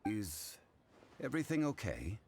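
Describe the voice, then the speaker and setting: A polite, formal young gentleman. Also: fairly low pitch, wildly swooping pitch, measured pace, vocal fry, slight background noise, heavily acted. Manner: formal, courteous.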